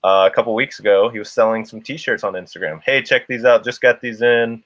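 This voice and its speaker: A man co-hosts a casual livestream, rambling to the chat, laughing often and restarting a lot. His voice is medium-pitched and a bit bright, his pace brisk, and the recording dry.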